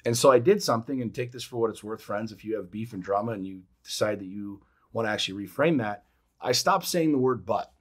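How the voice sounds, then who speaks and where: A man co-hosting a podcast, giving casual motivational talk in an emphatic way, swearing freely and acting out quotes with sudden loud jumps. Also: lowish voice, quick pace, breathy edge. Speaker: podcast co-host.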